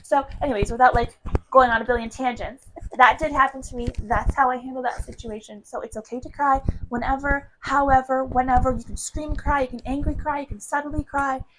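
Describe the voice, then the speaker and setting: A woman's voice: sits high, fairly even intonation, fairly quick, a bit bright, a little hiss or hum, rough recording. A young woman co-hosting a podcast, talking candidly and earnestly in a casual heart-to-heart chat, often repeating phrases in runs. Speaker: podcast co-host.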